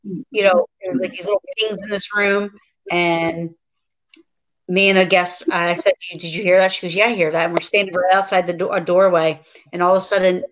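A woman hosting a casual paranormal podcast chat, telling her ghost stories excitedly and saying "like" a lot. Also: mid-range voice, rough recording. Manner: excited storyteller, says "like" a lot. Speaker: podcast host.

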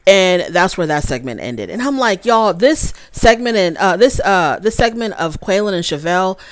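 A woman's voice: medium pitch, sing-song, normal speed, no room sound, studio quality. A woman hosting a casual recap of a reality show, chatting straight to her viewers and acting out what the cast said. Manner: chatty, addresses viewers as y'all, acts out quotes.

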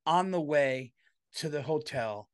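Animated New man telling stories. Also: on the high side, slow. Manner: loud, animated storytelling with frequent "dude". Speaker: podcast host. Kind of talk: casual comedic storytelling.

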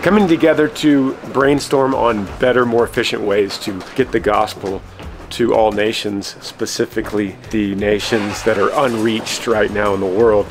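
A man's voice: fairly low pitch, fairly even intonation, moderate pace, rough recording. Guy vlogging casually, bit winded, rambles and restarts, faint music behind. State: slightly out of breath. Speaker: vlog host and preacher. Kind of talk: casual vlog chat.

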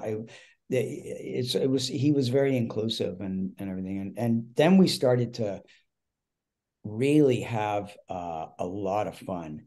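Mellow-voiced man telling an anecdote. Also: on the low side, measured pace. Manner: animated storytelling with frequent restarts and quoted dialogue. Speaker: host and actor. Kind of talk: telling a backstage anecdote in a casual chat.

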